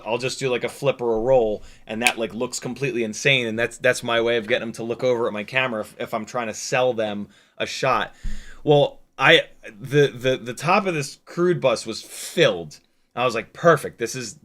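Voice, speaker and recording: Young man, livestream host, animated storytelling, laughs a lot, mid-range voice. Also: mid-range voice. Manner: animated, laughing, many restarts and fillers. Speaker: FPV drone pilot and stream host.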